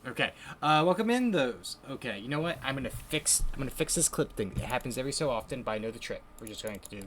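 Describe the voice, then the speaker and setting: A man's voice: medium pitch, lively intonation, quick pace, a bit bright, a little hiss or hum. A man hosting a live game stream in casual chat, rambling and griping with a laugh now and then.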